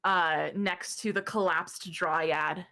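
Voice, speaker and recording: Slow, measured woman game master. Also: on the low side, steady tone, bright, forceful tone, dry recording. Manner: measured narration with hesitations. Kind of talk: narrating a tabletop game.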